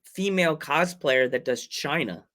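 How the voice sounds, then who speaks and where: A man hosting a podcast, telling animated stories and acting out other people's cries and shouts in casual chat. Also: a little high, unhurried. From Long Island, New York. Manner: excitable storyteller, acts out quotes with loud cries. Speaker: podcast host.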